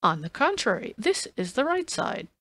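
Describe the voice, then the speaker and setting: A woman's voice: high-pitched, very animated, normal speed, fairly bright tone, dry recording, pitched above the performer's own voice, full character voice. A woman voicing a cool, ironic male detective in an audiobook, dry and teasing. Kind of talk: audiobook reading.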